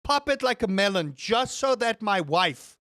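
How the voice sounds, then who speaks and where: Young male streamer, high-pitched, animated and rambling, dry close-mic sound. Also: measured pace, dry recording. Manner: animated, rambling, exaggerated exclamations. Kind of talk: casual chat with live chat.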